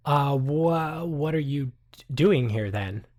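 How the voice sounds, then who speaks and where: A man's voice: on the high side, expressive, takes it slowly, darkish tone. Hesitant man narrating as game master.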